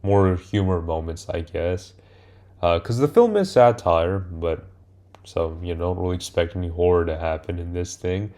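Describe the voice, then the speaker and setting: Deep-voiced man rambling through a film recap. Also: lively intonation, moderate pace, warm tone. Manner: rambling, hesitant, many fillers and self-corrections. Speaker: movie reviewer. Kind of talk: casual spoken film recap.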